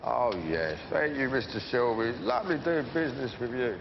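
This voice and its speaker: An actor playing a volatile, swaggering middle-aged London gangster with a gruff, profane, rambling manner and a London accent. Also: male voice, mid-range voice, lively intonation, moderate pace, long reverb tail, lo-fi sound, background noise. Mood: jovial. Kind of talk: TV crime drama acting.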